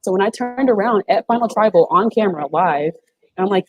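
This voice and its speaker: A woman's voice: medium pitch, animated, fairly quick, rough recording. A woman in her twenties, a guest on a video call interview, talking in an emphatic, slangy, casual way. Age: 20s. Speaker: guest, former reality show contestant.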